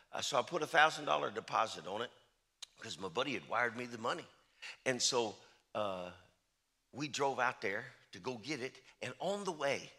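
This sermon comes from a middle-aged man who travels as a preacher, speaking in a mid-range voice with a sharp edge. Chatty and full of folksy stories, he keeps saying "I said" and "he said."

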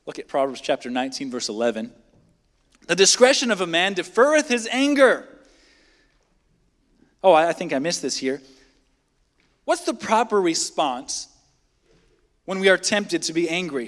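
Here a man with a high-pitched, somewhat bright voice gives a midweek sermon in a church sanctuary. Conversational in tone, he keeps challenging the congregation with rhetorical questions, and long hall reverb fills the recording.

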